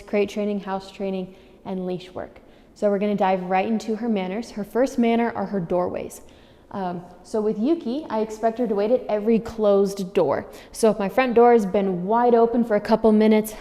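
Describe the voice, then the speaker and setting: A woman's voice: medium pitch, mellow. A woman who trains dogs, walking through a demonstration in a friendly, upbeat way. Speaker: dog trainer. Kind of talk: instructional demonstration. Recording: long reverb in a room.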